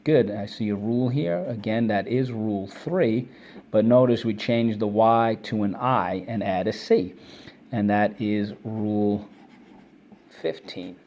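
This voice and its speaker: A man with a fairly low, darkish voice runs an online reading lesson for kids, briskly drilling phonics and vocabulary words over and over. He prompts the children and praises their answers. There is slight background noise.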